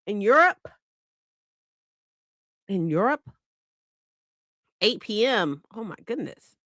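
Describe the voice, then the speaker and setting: A woman's voice: mid-range voice, pushed and bright, no room sound, studio quality. A woman hosting a casual live stream, chatty and bubbly, greeting viewers and laughing often.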